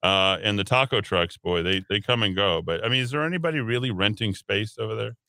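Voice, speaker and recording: A man's voice: on the low side, fairly quick, bright, forceful tone, dry recording. A man hosting a talk radio show in casual banter, sarcastic, teasing and blunt, on a studio microphone.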